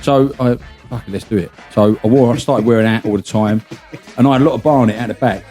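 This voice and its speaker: A man's voice: medium pitch, quick pace, warm tone, faint music behind. A man hosts a podcast, telling a long anecdote in casual chat, swearing freely and laughing as he goes. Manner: chatty, swears freely, laughs through his stories. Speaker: podcast host.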